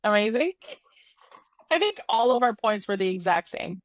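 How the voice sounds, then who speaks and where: A young woman co-hosts a podcast in casual, playful chat, acting out scenes as she goes and swearing without a second thought. Her voice sits at an ordinary middle pitch. It is recorded close and dry, with no room sound. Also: sing-song, normal speed, dry recording. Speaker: podcast co-host. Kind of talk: casual movie review chat.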